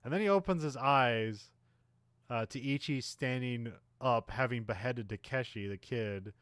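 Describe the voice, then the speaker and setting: A man co-hosting a casual podcast, recapping a film in a rambling way, full of "like" and "uh", and briefly acting out the characters' lines. His voice sits at a middling pitch, recorded dry and close with no room sound. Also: unhurried, a bit bright, clean tone, dry recording. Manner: rambling, many fillers, acts out characters' lines. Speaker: podcast co-host. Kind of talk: casual movie recap chat.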